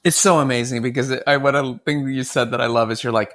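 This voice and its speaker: A man's voice: mid-range voice, steady tone, quick pace, a bit bright. Playful, joking male podcast host. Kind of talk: casual podcast interview.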